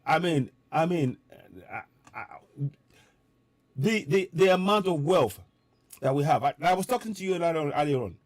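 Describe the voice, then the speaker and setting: A man speaks with fervent, insistent energy on a live stream, his voice sitting fairly high. He hammers his points home through repetition, like a preacher. The sound is dry and close, with no room echo. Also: expressive, moderate pace. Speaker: political commentator addressing diaspora viewers. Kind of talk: impassioned live-stream address.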